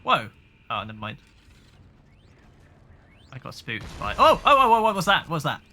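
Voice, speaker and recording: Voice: mid-range voice, huge pitch swings, moderate pace, bright, forceful tone. A gamer giving let's play commentary on a horror game, jumpy, gasping and yelping at every scare and talking back to the monsters. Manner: jumpy, constant startled gasps and yelps; talks back to the game's monsters.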